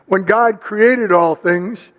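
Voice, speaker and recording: An older man preaching a sermon, telling a family story in an animated, conversational way. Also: sits high, takes it slowly, big-room sound. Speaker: pastor.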